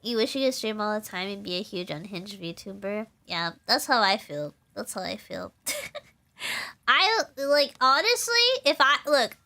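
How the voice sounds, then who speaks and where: A young woman VTuber chatting on a live stream, rambling without pausing and laughing often. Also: mid-range voice, very animated, sharp tone. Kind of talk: casual live-stream chat.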